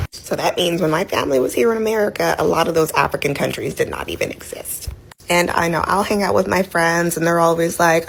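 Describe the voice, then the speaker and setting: A woman's voice: lowish voice, fairly quick, vocal fry, husky, rough recording. A woman giving earnest, explanatory vlog commentary in a casual tone.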